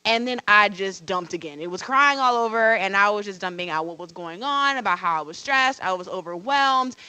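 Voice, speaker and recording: A woman's voice: medium pitch, moderate pace, sharp tone, clean tone, dry recording, poor audio. A woman who teaches veterinary students, telling a personal story to an audience in a candid, self-deprecating way with emphatic repetition. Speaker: veterinarian and college teacher on a panel.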